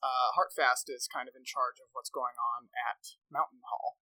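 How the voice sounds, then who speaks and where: A man narrating a tabletop game as game master, relaxed and hesitant with many fillers. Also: mid-range voice, moderate pace, dry recording, rough recording.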